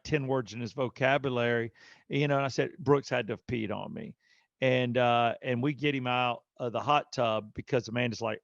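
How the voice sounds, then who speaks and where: A man with a gravelly, creaky voice tells a casual story on a podcast. He leans into the quotes and gives each person in it an animated voice of their own. The sound is dry and a little dull. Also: mid-range voice, no echo. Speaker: podcast co-host.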